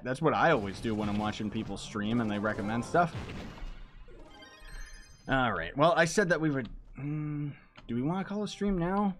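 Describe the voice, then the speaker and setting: A man's voice: medium pitch, lively intonation, normal speed, soft background music. A man chatting casually to his viewers while he plays a game live, loose and rambling, with a lot of slang. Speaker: streamer. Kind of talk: casual live-stream chat while gaming.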